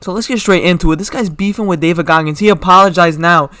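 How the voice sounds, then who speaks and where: A man's voice: sits high, fast, pushed and bright, smooth, dry recording. A young man hosting his own channel, giving casual, slangy opinion commentary full of rhetorical questions. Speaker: MMA commentary channel host.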